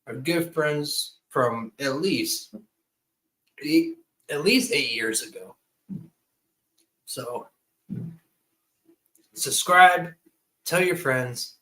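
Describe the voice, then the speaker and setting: A man's voice: a little high, fairly bright tone, low-quality recording. A drunk man in his twenties, a livestream guest, ranting heatedly and swearing constantly in casual chat. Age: 20s.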